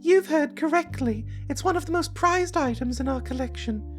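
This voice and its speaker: A man voicing a prim female librarian in a high falsetto with an English accent. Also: normal speed, faint music behind. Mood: stern.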